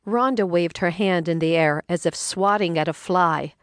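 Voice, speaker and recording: A woman with a lowish voice reads a short story for an audiobook, her scripted narration measured and even. The sound is clean studio quality with no room sound.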